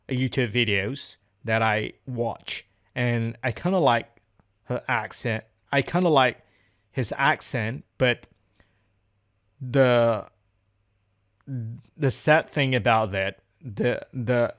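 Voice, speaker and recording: Speaking in a medium-pitched, slightly bright voice, a man records unscripted English practice. His monologue is hesitant, with frequent searching for words and repeated phrases.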